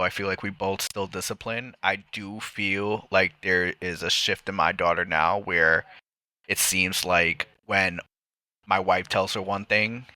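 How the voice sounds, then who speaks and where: A man's voice: low-pitched, no room sound. A man co-hosting a parenting podcast, talking casually and rambling as he tells stories about his family. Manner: relaxed, rambling, acts out his family in quotes. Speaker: podcast co-host. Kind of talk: casual chat.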